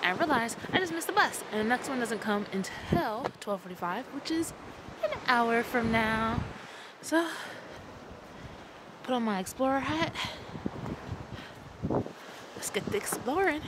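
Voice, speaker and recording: Young woman, from New York, casual travel vlog, chatty and animated, outdoors, handheld camera. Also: fairly high pitch, unhurried, pauses often, heavy background noise. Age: young adult. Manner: chatty, animated storytelling, playful asides. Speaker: vlogger. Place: outdoors in a beach town.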